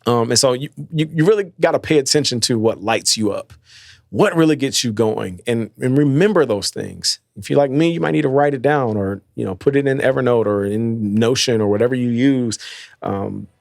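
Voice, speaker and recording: A man's voice: mid-range voice, lively intonation, normal speed, gravelly, a little mellow, dry recording, studio quality. A man hosting a casual motivational podcast, talking loosely with lots of fillers and slang. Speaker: podcast host.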